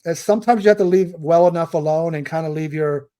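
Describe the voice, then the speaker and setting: An easygoing man chatting casually about films as a podcast co-host. He rambles a little, and his voice is mellow and dark in tone yet somewhat high for a man. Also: fast talker, smooth. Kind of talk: casual film-review chat.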